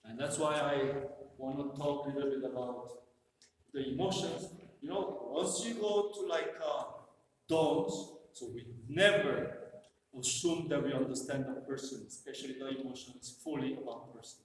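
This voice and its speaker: A man's voice: mid-range voice, normal speed. A man presenting a workshop to a live group, talking in a conversational, joking way with many "you know" fillers. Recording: echoey hall from far off, faint noise.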